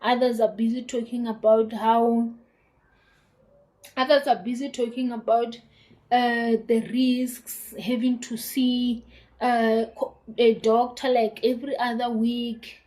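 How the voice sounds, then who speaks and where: A young South African woman in her twenties tells a personal story to her channel in a casual, animated way. Her voice sits slightly higher than most, and she slips into the voices of the people she quotes. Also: slow, low-quality recording. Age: 20s. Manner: animated retelling with quoted dialogue and laughter. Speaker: YouTuber.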